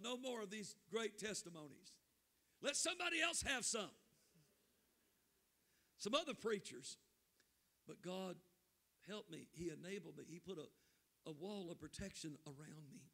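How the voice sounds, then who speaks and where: A man preaching a Pentecostal sermon in church, impassioned and shouting. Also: high voice, animated, measured pace, gravelly, pauses often. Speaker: pastor.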